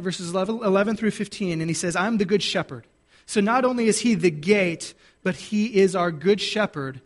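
High-voiced pastor preaching a sermon. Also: male voice. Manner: asks the congregation questions and answers them; conversational with frequent restarts.

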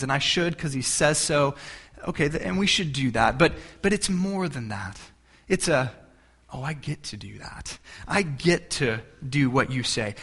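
A man in his thirties preaching a sermon in a relaxed, conversational way, joking and often restarting his sentences. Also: fairly high pitch. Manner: conversational, humorous, many restarts. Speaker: pastor.

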